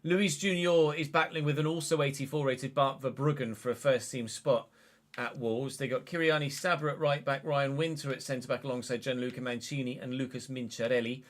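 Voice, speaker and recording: A young man giving live commentary over a football video game, calm at times, then swearing and shouting at the game in frustration. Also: medium pitch, brisk. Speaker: gaming streamer.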